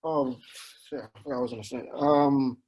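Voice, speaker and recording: A man in a casual podcast discussion, speaking softly and hesitantly with many fillers. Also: mid-range voice, steady tone, brisk, breathy edge, lo-fi sound. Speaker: podcast guest.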